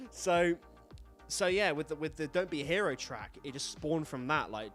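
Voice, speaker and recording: A man's voice: on the high side, lively intonation, moderate pace, a bit bright, soft background music. A man talking casually and frankly as host, swearing often and rambling through stories with lots of fillers. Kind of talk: casual solo chat, rambling storytelling.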